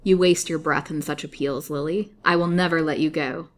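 A woman's voice: sits low, brisk, close to an everyday voice. Woman reading as a cold, scheming young suitor. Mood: cold menace. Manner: forceful, imploring then menacing. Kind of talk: storybook reading.

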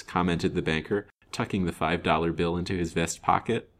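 A man narrating a chapter of an old-fashioned storybook in a measured, expressive way. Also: sits low. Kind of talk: storybook reading.

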